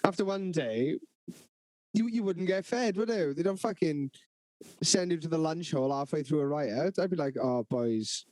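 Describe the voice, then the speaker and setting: A man in casual podcast chat, reacting with swearing and quick jokes. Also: on the high side, darkish tone, no room sound, low-quality recording. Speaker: podcast co-host.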